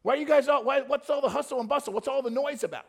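A man doing a frantic blind beggar yelling. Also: high-pitched, lively intonation, normal speed, creaky, slightly rough, pitched above the performer's own voice, exaggerated voice. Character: desperate blind male beggar shouting for help.

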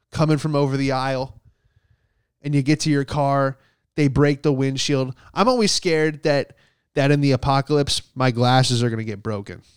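A young man doing a stand-up bit, swearing freely and throwing himself into acted-out quotes. His voice comes through smooth and clear. The sound is dry and close. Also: mid-range voice, no echo. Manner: profane, animated storytelling with acted quotes. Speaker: stand-up comedian.

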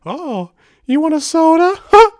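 A man putting on a high squeaky cartoon mouse voice as a greedy, foul-mouthed theme park mascot shaking people down for money. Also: sing-song, measured pace, no room sound, clean studio sound, full character voice. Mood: mocking greedy.

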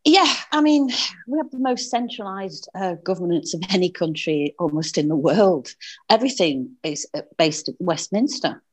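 A woman's voice: on the low side, lively intonation, moderate pace. A woman with a Northern English accent, speaking earnestly as a political campaigner in an interview, with frequent fillers and restarts.

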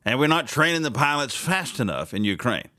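A man hosting a morning talk radio show, blunt and animated, often laughing at his own remarks. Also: mid-range voice, a little fast, dry recording, clean studio sound.

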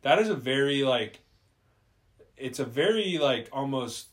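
A man's voice: mid-range voice, animated, a little slow. A man hosting a casual sports podcast, ranting bluntly with plenty of swearing and loose, rambling sentences. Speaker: podcast host. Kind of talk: casual chat.

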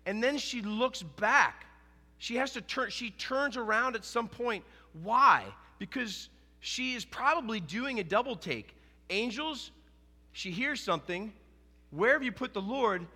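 A man preaching a sermon as pastor, in an animated, conversational way, often acting out quoted dialogue. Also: very high-pitched, measured pace, in a large hall.

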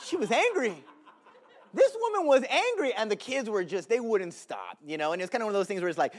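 Animated high-voiced preacher man. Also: brisk. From Southern California. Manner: animated, swings from shouting to hushed. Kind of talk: sermon with storytelling.

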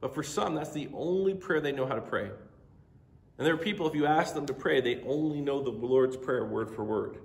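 A man's voice: medium pitch, brisk, creaky, reverberant. A middle-aged man preaching a sermon, teaching earnestly and building in intensity as he goes. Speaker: pastor.

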